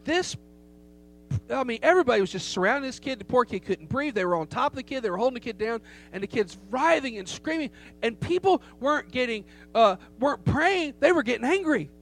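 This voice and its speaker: A man's voice: extremely high pitch, animated, fairly quick, a bit bright. A middle-aged man preaching a sermon, telling a story with emphasis and rhetorical questions to the congregation. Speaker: pastor. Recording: faint hum behind the voice.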